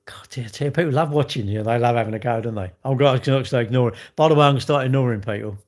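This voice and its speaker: A man's voice: mid-range voice, racing, darkish tone. A middle-aged man with a British accent, rambling bluntly in slangy casual chat while answering a livestream chat.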